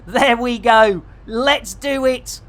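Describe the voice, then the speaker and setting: A man's voice: extremely high pitch, slow, a bit bright. Jokey middle-aged Barnsley man streaming. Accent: Barnsley, Yorkshire. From England. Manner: jokey, chatty, with playful catchphrases. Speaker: game streamer. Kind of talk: live gameplay stream chat.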